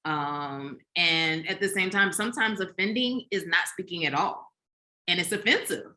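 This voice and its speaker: A woman with a bright, forceful voice set a little low, talking openly in a relaxed podcast chat. She speeds up and gets lively when a point excites her. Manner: candid, expressive, talks fast when animated. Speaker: podcast host. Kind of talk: casual chat.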